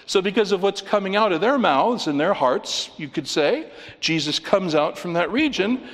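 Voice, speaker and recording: A man preaching an expository sermon, working through his outline and acting out quoted lines with sudden loud cries. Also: sits high. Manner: animated, outline-driven, acts out quoted pleas loudly. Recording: long reverb of a church hall.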